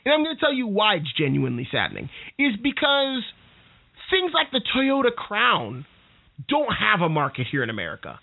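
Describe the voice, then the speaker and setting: A podcast host rants in a lively, sing-song voice that swoops up and down, sounding exasperated and often stumbling over words. The recording is tinny and phone-like. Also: medium pitch, normal speed, gravelly. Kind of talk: casual solo rant.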